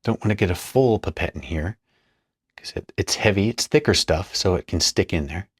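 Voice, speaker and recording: Man, very low voice, relaxed tutorial narrator thinking aloud, dry close sound. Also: moderate pace, breathy edge, no room sound. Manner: thinks aloud while working, chatty asides. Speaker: perfumer demonstrating a blend. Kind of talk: casual hands-on tutorial narration.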